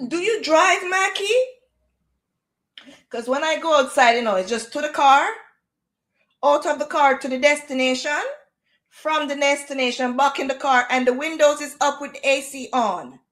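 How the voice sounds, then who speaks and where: A woman's voice: sits high, normal speed. Chatty woman livestreaming. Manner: chatty, animated, switches into patois. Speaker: livestream host. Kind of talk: casual chat. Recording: echoey room.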